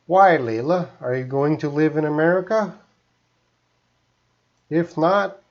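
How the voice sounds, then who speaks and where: A man's voice: fairly high pitch, slow, long pauses. A middle-aged Canadian man with a Canadian accent, giving a live-streamed English lesson and chatting through viewers' questions. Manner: chatty and explanatory, often answering viewers' questions. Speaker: English teacher. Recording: slightly dull lo-fi live stream audio.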